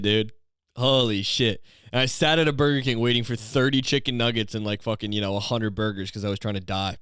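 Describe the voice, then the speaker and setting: A young man from Canada hosting a podcast, rambling through a crude comedic monologue full of filler phrases and deadpan dark jokes. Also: fairly low pitch, fairly quick, clean tone, no echo, studio quality. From Ontario, Canada. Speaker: podcast host.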